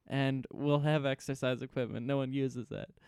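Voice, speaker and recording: A man co-hosting a podcast in a casual comedic chat, spinning absurd bits with a deadpan manner. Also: medium pitch, moderate pace, gravelly, smooth, no room sound, studio quality. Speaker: podcast co-host.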